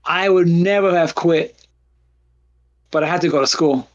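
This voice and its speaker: A man hosting a livestream, chatting casually and telling rambling stories with halting restarts. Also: a little high, muffled recording. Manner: rambling storyteller, laughs often, halting restarts. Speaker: stream host. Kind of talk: casual chat.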